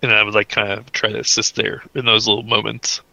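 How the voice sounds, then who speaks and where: A man's voice: on the low side, completely flat delivery, fast, gravelly, bright, forceful tone, dry recording, dull audio. A man playing a tabletop roleplaying game, describing his character's actions in a rambling way with many "like" fillers. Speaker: player.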